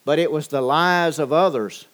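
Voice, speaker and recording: A man preaching a sermon, measured and deliberate, with frequent pauses and fillers. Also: a little high, a bit bright. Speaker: pastor.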